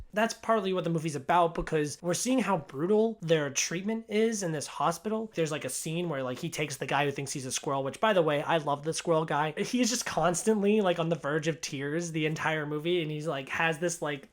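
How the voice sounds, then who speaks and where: A young man giving a casual spoken movie review, chatty and rambling, full of filler words. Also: a little high. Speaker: film reviewer.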